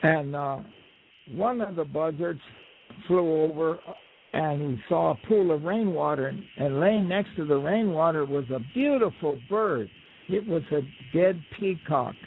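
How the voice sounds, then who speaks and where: A man's voice: a little high, expressive, unhurried, slight background noise. A man, a radio show guest, telling a folk tale in a loose, rambling way with asides. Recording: tinny phone line on radio.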